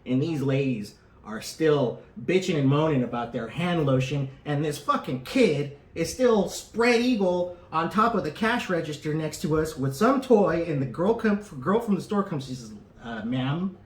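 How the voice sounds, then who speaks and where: A man's voice: a little high, moderate pace, hardly any pauses. Profane storytelling man, roomy echo. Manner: profane, animated, acts out the people in his story. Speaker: podcast co-host. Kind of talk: casual storytelling.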